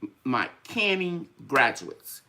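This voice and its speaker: Lively, chatty older woman host. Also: a bass voice, slow pace. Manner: chatty, storytelling, acts out quoted voices. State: a little tired, sinuses draining. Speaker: gardening channel host. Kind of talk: casual live-stream chat.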